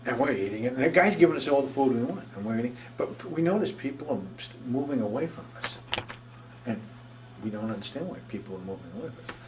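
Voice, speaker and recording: Older veteran, rambling storyteller, mid-pitched, slightly distant recording. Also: male voice, lively intonation, quick pace, background noise. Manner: rambling, conversational, frequent restarts. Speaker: veteran interviewee. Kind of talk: oral history storytelling. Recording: voice from a distance from the mic.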